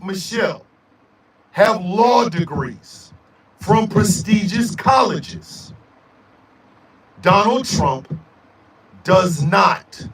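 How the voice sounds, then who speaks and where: A man hosting a radio show, delivering a loud, profane, emphatic rant. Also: high voice. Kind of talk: angry ranting monologue. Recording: echoey room, mic at a distance.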